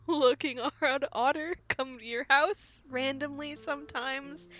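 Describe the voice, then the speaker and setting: A woman's voice: a little high, a bit bright. A woman live-streaming a game, playful and joking, often giggling between her remarks.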